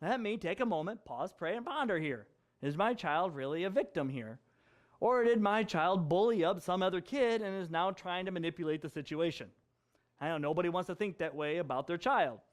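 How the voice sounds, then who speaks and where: A male pastor preaching a conversational sermon, chatty and jokey, with frequent asides and laughter. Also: high voice.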